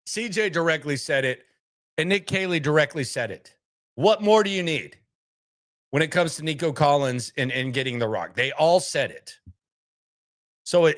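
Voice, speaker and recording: A man's voice: a little high, fairly bright tone. Emphatic man hosting a sports stream. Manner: emphatic and repetitive, hammering points home; rambling, with many restarts and asides. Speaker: sports talk show host. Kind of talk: live-streamed sports commentary.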